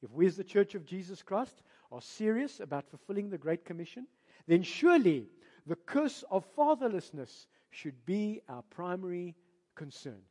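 A man with a South African accent preaching a sermon as a pastor, emphatic and animated, firing rhetorical questions at his congregation. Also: sits high, moderate pace. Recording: long reverb of a large hall.

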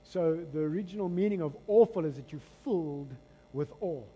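A man's voice: on the high side, fairly quick, husky. A man with a South African accent preaching a sermon, leading the congregation in call-and-response and retelling scripture dramatically. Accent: South African English. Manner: animated, dramatic storytelling delivery. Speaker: pastor. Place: church hall. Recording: long hall reverb.

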